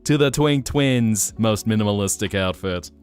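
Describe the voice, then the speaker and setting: A man's voice: fairly low pitch, moderate pace, smooth, soft background music. A man streaming as a VTuber, chatting casually with his live chat in a playful, teasing way with joking mock denials.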